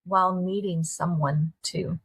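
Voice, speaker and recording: A middle-aged woman talks straight to her listeners, earnest and folksy. Her voice sits on the low side and has a husky grain, and she keeps asking her audience direct questions. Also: fairly even intonation, measured pace, fairly bright tone. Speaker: podcast host. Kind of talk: candid solo talk to listeners.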